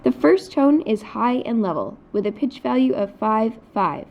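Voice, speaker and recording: A woman's voice: fairly high pitch, lively intonation, normal speed, gravelly. A woman teaching a recorded Mandarin lesson, explaining patiently in scripted narration. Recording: dull lo-fi recording.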